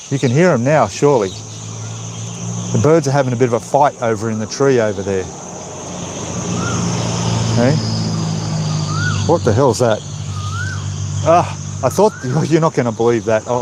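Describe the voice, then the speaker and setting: A man's voice: medium pitch, darkish tone, a little hiss or hum. An Australian man hosting a casual livestream outdoors, reading out viewer comments in a chatty way and talking into a phone camera. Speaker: livestream host. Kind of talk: casual live-stream chat. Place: outdoors by a roadside in the countryside. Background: birds and insects outdoors.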